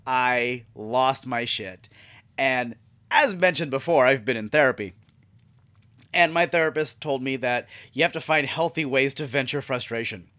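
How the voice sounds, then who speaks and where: A man's voice: on the high side, pushed and bright, no room sound. A man hosting a podcast, telling a long profane story with exasperation. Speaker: podcast host. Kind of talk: ranting solo monologue.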